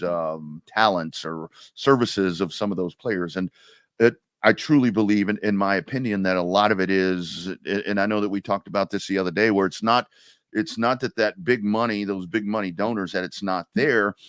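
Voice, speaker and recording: A man's voice: low-pitched, a bit bright, no room sound, studio quality. A man co-hosting a sports talk stream, talking earnestly and hesitantly, often repeating words. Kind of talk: casual sports talk chat.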